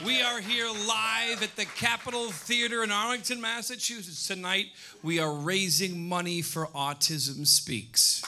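A male host introducing a comedian on a theater stage in a loud announcer delivery. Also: high-pitched, fairly even intonation, a little slow, few pauses, loud music behind the voice. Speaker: show host. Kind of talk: live show introduction.

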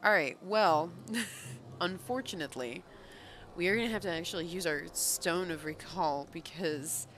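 A woman's voice: fairly low pitch, moderate pace, fairly bright tone, a little hiss or hum. A woman streaming a fantasy role-playing game live, chatting and reacting aloud as she plays. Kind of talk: live let's-play commentary.

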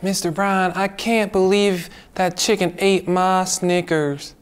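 A man voicing an eager young boy puppet in a children's church skit, earnest and apologetic and quick to get upset. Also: high voice, fairly even intonation, clean tone.

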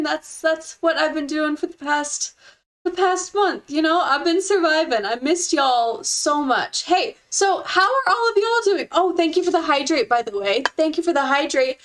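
High-voiced gushing young woman streamer. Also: fairly bright tone. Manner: effusive, gushing and giggly. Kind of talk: casual live-stream chat with viewers.

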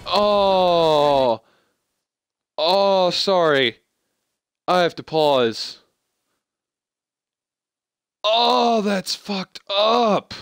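A young man giving live commentary on a video game he is playing, excitable and swearing as he reacts out loud. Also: sits high, extremely slow, long pauses, clear, resonant tone, no room sound, clean studio sound. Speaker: gameplay streamer. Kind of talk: live let's-play commentary.

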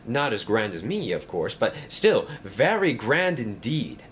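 A man's voice: medium pitch, very animated, measured pace, fairly bright tone, slight background noise. A man voicing a boastful, smug, grand silver male engine in a toy-train story. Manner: pompous, smug.

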